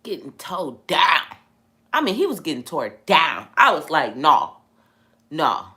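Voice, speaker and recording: A woman in a casual vlog, talking emphatically about faith in an animated, preachy way. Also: deep voice, measured pace. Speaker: vlogger.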